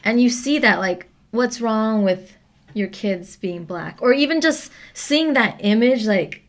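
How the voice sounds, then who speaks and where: A young woman in a casual group discussion who often affirms the others and talks in a relaxed way. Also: fairly high pitch, measured pace. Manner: frequent affirming backchannels. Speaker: podcast co-host.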